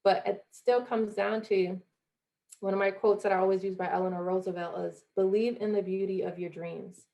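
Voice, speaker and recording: A woman's voice: medium pitch, fairly even intonation, normal speed, gravelly, warm tone. A young woman from Jamaica, a former college athlete, speaking earnestly as a podcast guest and acting out the voices she quotes. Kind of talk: motivational interview talk.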